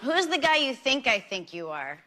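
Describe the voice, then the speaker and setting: A woman's voice: sits high, big pitch swings, normal speed, sharp tone, slight background noise. A woman hosting a casual interview, asking teasing, probing questions. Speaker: interview host.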